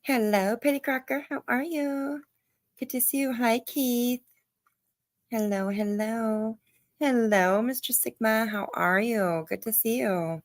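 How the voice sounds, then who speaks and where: A woman's voice: on the high side, slow, dry recording, clean studio sound. A woman hosting a live stream, reacting to a clip with sarcastic, mocking commentary and greeting her viewers.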